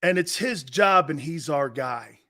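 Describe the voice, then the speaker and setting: A man hosting a live sports talk show, loud, joking and blunt, laughing often. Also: fairly high pitch, lively intonation, measured pace. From lives in Florida.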